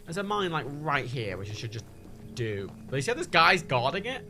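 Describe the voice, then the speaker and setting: A man's voice: a little high, sing-song, brisk, music in the background. A man chatting casually and jokily while he plays through a video game on a livestream. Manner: chatty, sweary, jokey. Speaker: gaming livestreamer.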